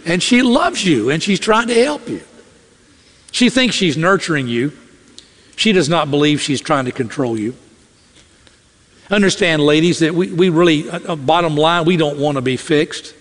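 A man preaches a sermon from a church pulpit with an animated delivery. He slips into the voices of the people he quotes. His voice sits high, and it rings out with a long hall reverb. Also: moderate pace. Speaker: pastor. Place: church sanctuary. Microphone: podium or stage mic.

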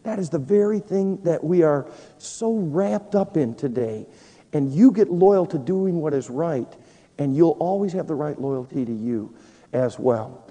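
A man preaching in a reverberant hall, with a very dark, mellow tone and a slightly raised pitch. He is earnest and methodical, counting off numbered points. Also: animated, measured pace. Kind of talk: sermon. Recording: live chapel recording in a reverberant hall.

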